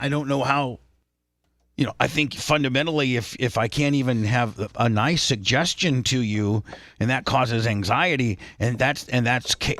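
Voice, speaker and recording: A man's voice: medium pitch, a bit bright, dry recording, studio quality. A male radio show host lecturing a co-host on air, defensive and full of restarts.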